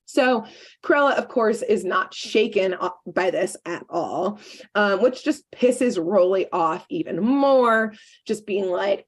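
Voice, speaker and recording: Woman podcast co-host, chatty recapper, slips in lively character quotes, casual delivery. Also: medium pitch. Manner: animated storyteller, quotes characters in quick asides.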